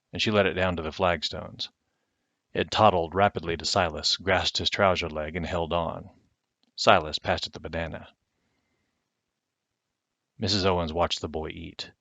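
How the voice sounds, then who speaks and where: A man reading a chapter book aloud to his children at home in a measured storytelling way, recorded on a webcam. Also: deep voice, steady tone, fairly bright tone, no room sound. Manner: measured storytelling, slowing for effect. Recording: dull lo-fi webcam sound, dry.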